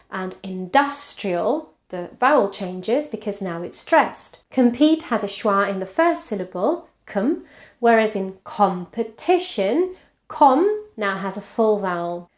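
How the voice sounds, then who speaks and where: A woman from Spain with a Spanish accent, coaching English pronunciation in an online lesson, reading out word pairs and checking in with the learner. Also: mid-range voice. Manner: explains patiently, checks in with "yeah?" and "right?", reads word pairs slowly.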